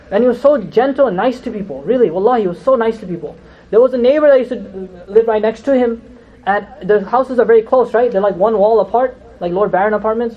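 A man giving a storytelling sermon as a religious lecturer. He is animated, acts out the quotes, and keeps asking "you know?" and "right?". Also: sits high. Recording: dull lo-fi recording.

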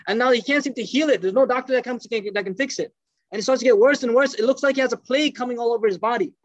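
A man teaching through animated storytelling, acting out the voices of the people in his story. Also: extremely high pitch, racing. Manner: animated storyteller, acts out quoted speech. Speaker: religious teacher. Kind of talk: storytelling lecture. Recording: dull lo-fi dry recording.

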